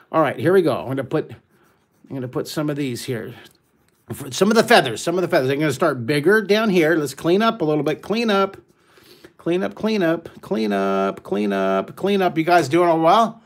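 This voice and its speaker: Older man, slightly high voice, enthusiastic, playful, kids' drawing teacher, live webcam lesson. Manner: enthusiastic, playful, talks to kids while drawing.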